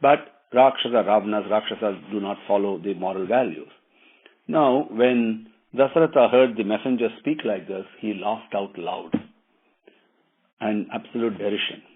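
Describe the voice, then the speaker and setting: A man tells an old epic in a loose, conversational way, stopping for moral asides. His voice is husky and low-middle in pitch. The recording is thin and tinny, like a phone line. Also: moderate pace. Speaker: storyteller. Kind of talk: informal retelling of an epic.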